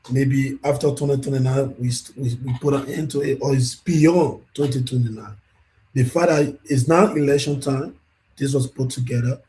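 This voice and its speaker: A man's voice: mid-range voice, dark tone, rough recording. A man, hosting an online talk show and putting a question to his guest. He often repeats and restarts words as he works out what to ask. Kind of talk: conversational interview questions.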